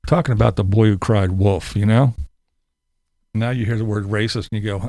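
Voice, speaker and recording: A man's voice: lowish voice, a little fast, a little mellow, dry recording, clean studio sound. Man laughing through casual commentary. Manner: laughs through most sentences, profane, mocking. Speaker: livestream host answering chat.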